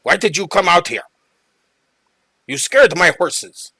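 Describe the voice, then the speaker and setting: A man's voice: sits high, lively intonation, slow pace, gravelly, bright, forceful tone, breathy edge, no room sound, pitched above the performer's own voice, heavily acted. A man voicing a grumpy old male wagon driver who complains in an annoyed way.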